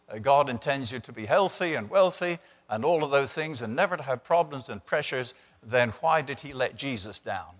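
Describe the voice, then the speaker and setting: A man's voice: mid-range voice, fairly bright tone. An older man preaching as a visiting pastor, conversational with dry humor. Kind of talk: sermon. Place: church sanctuary. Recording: long church reverb.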